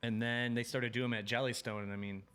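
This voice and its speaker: A man's voice: mid-range voice, little pitch movement, fast talker, a bit bright, clear, resonant tone. A man in his thirties from Illinois, a guest on a podcast, chatting casually and telling stories with a lot of swearing. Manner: laid-back, swears a lot, tells stories with quoted exchanges. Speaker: podcast guest, pro BMX rider. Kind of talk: casual chat.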